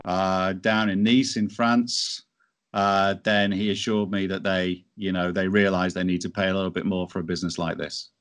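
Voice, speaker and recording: Chatting through a business story as an interview guest, this entrepreneur keeps restarting his sentences. His voice sits low with a level tone, fairly bright and smooth, at a normal speed.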